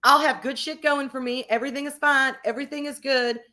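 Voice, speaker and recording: A woman's voice: high voice, steady tone, brisk, pushed and bright. Woman, livestream host, casual chat, candid, emphatic, swears freely. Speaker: streamer reading chat.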